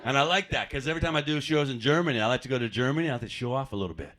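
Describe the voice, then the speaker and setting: A man's voice: mid-range voice, expressive, racing, a bit bright, a little hiss or hum. An American man performing a stand-up comedy set, talking conversationally to the crowd with self-deprecating asides. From United States. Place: comedy club stage.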